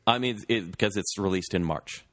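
A man's voice: low voice, brisk, fairly bright tone. A man co-hosting a casual podcast, chatty and rambling, laughing easily. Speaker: podcast co-host. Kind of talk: casual chat.

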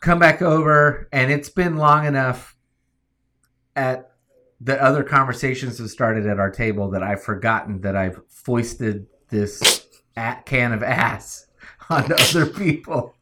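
A man co-hosting a casual podcast, telling an animated story and laughing through his punchlines. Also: medium pitch, measured pace. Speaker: podcast co-host. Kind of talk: casual chat.

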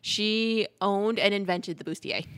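A woman's voice: medium pitch, slow, clean tone, no room sound. A woman co-hosting a casual chat, retelling a movie scene by scene and acting out the characters' lines. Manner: lively storyteller who acts out the characters' lines. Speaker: podcast co-host.

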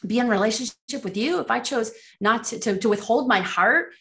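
A middle-aged woman talks as a guest on a faith podcast, a ministry leader recounting her experiences. She acts out her own past reactions in quoted bits, her voice leaping high when she replays surprise. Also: brisk. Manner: animated storyteller acting out her own reactions with big pitch jumps. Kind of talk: casual faith podcast chat, storytelling.

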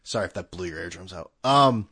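A man's voice: low-pitched, expressive, fairly quick, sharp tone, husky. Rambling, sarcastic male podcast host. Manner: rambling, sarcastic, swears freely. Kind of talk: casual solo chat.

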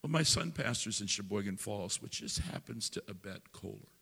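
Gravelly older preacher in a reverberant church. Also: male voice, fairly low pitch, animated, normal speed. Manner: folksy storytelling, rising to loud preaching. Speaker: pastor. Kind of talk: sermon storytelling.

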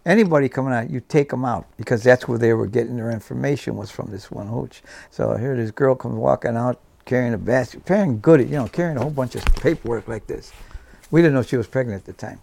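Speaking fast with vocal fry and a darkish tone at medium pitch, a veteran guest in his seventies tells personal war stories. He recounts his memories vividly, playing out the dialogue as he goes.

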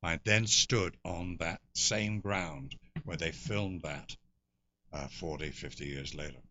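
This low, slow voice belongs to an older actor from England appearing as a guest, spinning anecdotes with theatrical flourishes in an interview. His tone is sharp, and the lo-fi audio has no room sound.

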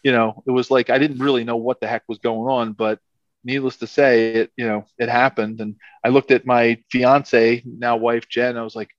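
A middle-aged man spins a loose, rambling anecdote, tossing in "like" and "you know" as he goes. His voice sits at an ordinary middle pitch. The sound is dry and a touch dull, with no room to it. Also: level tone, normal speed, dry recording. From Philadelphia area. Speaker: guest, former football player. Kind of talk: casual anecdote telling.

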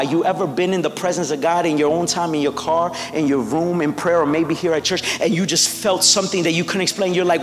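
Over soft background music and a long hall reverb, a high-pitched male pastor preaches in a church sanctuary. He tells the story in an easy, conversational way and acts out quotes, then climbs into loud, shouted emphasis.

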